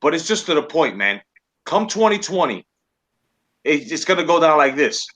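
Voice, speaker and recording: A man's voice: a little high, sing-song, moderate pace, a bit bright, low-quality recording. A man hosting a podcast, ranting in casual, profane political chat. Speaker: podcast host.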